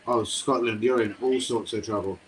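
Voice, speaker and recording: Excitable young football streamer. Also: male voice, lowish voice, moderate pace, slight background noise, low-quality recording. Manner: excitable, swearing, slangy, talking to chat. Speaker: football live-stream host. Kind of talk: casual live-stream commentary. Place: home room.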